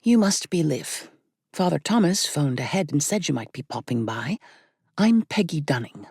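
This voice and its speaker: A woman voicing a warm, grieving middle-aged landlady with a thick Irish accent and a lilting, gentle manner. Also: low voice, very animated, normal speed, gravelly, husky, no room sound, clean studio sound, heavily acted. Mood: welcoming.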